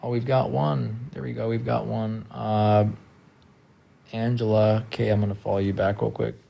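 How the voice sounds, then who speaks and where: A tired man talking casually on a live stream from a friend's house, soft-spoken and trailing off with lots of fillers. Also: on the low side, level tone, moderate pace, gravelly. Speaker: livestreamer.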